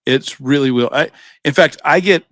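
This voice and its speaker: A man's voice: fairly high pitch, moderate pace, fairly bright tone, no echo. Rambling man telling stories. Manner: rambling storyteller, acts out quoted voices, swears, laughs often. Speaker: podcast co-host. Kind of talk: casual chat.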